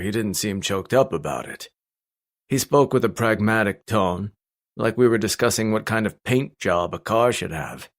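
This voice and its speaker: A man reading a first-person audiobook in a blunt, steady storytelling manner. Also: lowish voice. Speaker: audiobook narrator.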